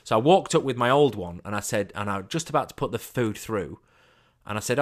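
Lower-voiced man telling a comic anecdote. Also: brisk. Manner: animated, self-mocking, many restarts. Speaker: storyteller. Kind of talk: comic anecdote, casual storytelling.

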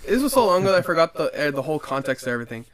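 A man's voice: a little high, racing, crowd noise. A young man in casual chat, telling a funny school memory and laughing his way through it. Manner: animated storytelling, laughing through the tale. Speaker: storyteller recounting school band memories.

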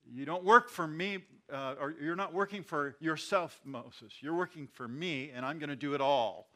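A man's voice: on the high side, moderate pace, sharp tone. A man voicing God as stern and commanding while paraphrasing scripture in a sermon. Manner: stern, emphatic.

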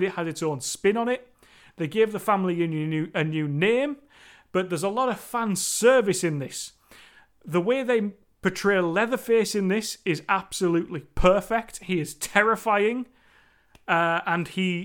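High-voiced, emphatic man reviewing films. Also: a bit bright. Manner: emphatic and enthusiastic, with frequent restarts and self-corrections. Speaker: horror film reviewer. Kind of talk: opinionated solo film review.

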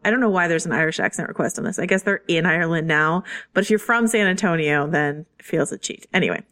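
A woman's voice: lowish voice, lively intonation, quick pace, few pauses, a bit bright. A woman co-hosting a podcast, chatting casually and reading listener reviews aloud. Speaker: podcast co-host.

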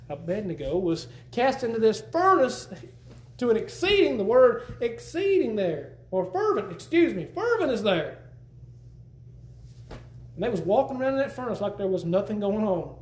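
A man's voice: very high-pitched, big pitch swings, normal speed. A man preaching a sermon in a church, folksy and emphatic, often repeating words as he teaches. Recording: roomy church echo.

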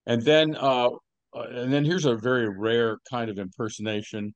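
An older man hosting a podcast, telling rambling stories with deadpan jokes and lots of fillers. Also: medium pitch, normal speed, smooth, dry recording, lo-fi sound. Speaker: podcast host. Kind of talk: casual podcast chat.

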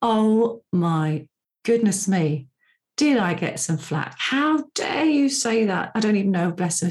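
A woman's voice: mid-range voice, darkish tone. A middle-aged woman hosting a solo podcast, talking in a chatty, personal way with asides as a profiling coach. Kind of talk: casual solo podcast talk.

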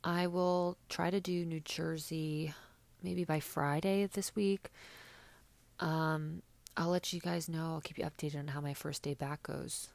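Chatty low-voiced woman with gravelly edge. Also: steady tone, measured pace, a little mellow, dry recording. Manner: chatty and sarcastic, many fillers. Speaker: podcast host recapping reality TV. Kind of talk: casual chat.

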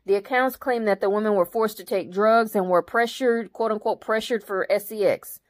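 A woman's voice: medium pitch, moderate pace. A woman hosting her own commentary channel, reading news articles aloud and breaking off into blunt, profane opinions.

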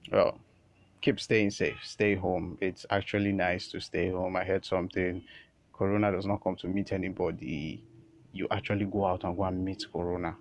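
A man's voice: deep voice, slight background noise. A man hosting a comedy podcast, rambling casually and repeating his words as he goes. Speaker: podcast host.

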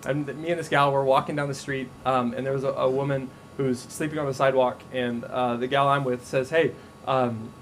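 A man preaching a sermon as a pastor, telling stories in a casual, animated way with frequent restarts. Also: medium pitch, a little fast, slight background noise, low-quality recording.

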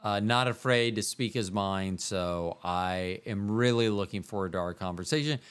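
A man's voice: lowish voice, moderate pace, clear, resonant tone. A man hosting his own podcast alone, talking in a rambling, self-mocking way and drifting from one aside to the next. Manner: rambling, self-mocking, jumps between voices. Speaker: podcast host. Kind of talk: casual solo podcast monologue.

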